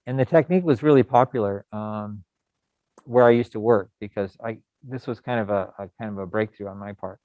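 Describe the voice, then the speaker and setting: A middle-aged man from the United States teaching a programming lesson in a relaxed, rambling way with many fillers. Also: lowish voice, fairly quick, dry recording. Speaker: programming instructor. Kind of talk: recorded coding lecture. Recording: dull lo-fi sound.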